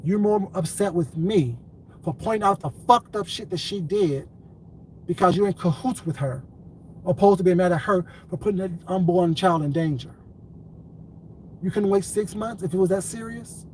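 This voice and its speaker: A man's voice: sits high, moderate pace, a little mellow, slight background noise, poor audio. A man delivering a profane, confrontational commentary rant, repeating his points again and again. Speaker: commentary vlogger. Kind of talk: ranting commentary vlog.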